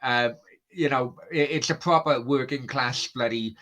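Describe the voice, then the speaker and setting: A man's voice: medium pitch, a little slow, pushed and bright, low-quality recording. A man hosting a late-night stream, chatting casually and swearing while he reads out viewer comments. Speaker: livestream host.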